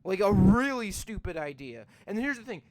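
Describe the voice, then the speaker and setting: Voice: mid-range voice, big pitch swings, moderate pace. A podcast host giving a rambling, profane rant while reviewing a movie. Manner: ranting, profane, rambling with many fillers.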